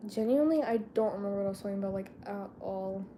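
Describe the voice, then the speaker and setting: A woman's voice: medium pitch, fast, dark tone, a little hiss or hum. A teenage girl vlogging in a casual chat, rambling and slangy and often losing her train of thought.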